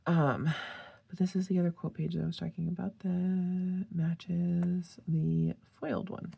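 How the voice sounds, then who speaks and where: A woman's voice: lowish voice, little pitch movement, measured pace, creaky, dark tone, breathy edge. A tired woman chatting casually about planner stickers, rambling with fillers and tangents. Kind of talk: casual chat.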